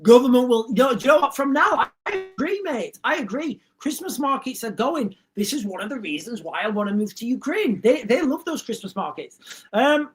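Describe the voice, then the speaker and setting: A man with an extremely high, very animated voice hosts a livestream at a fairly quick pace, reading out viewer comments and replying in a rambling, blunt and repetitive way.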